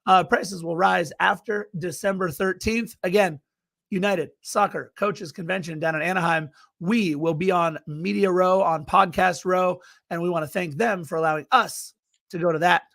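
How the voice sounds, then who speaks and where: A man co-hosting a soccer podcast, talking in an excitable, energetic way. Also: high voice, normal speed, vocal fry. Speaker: podcast co-host. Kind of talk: casual podcast chat.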